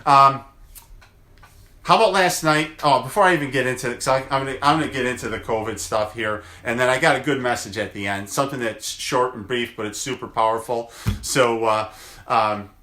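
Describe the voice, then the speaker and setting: A man's voice: mid-range voice, fairly quick, bright, forceful tone, roomy sound. A man, a chiropractor, chatting casually in a daily video, telling rambling family stories with lots of fillers. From United States. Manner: rambling storyteller, many fillers.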